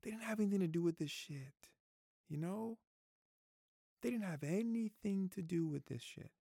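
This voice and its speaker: Gravelly, emotional man talking to camera. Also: high-pitched, animated, normal speed, mellow, no room sound, studio quality. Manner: emotional, swears freely, repeats phrases. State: close to tears. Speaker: vlogger. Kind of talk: casual opinion talk to camera.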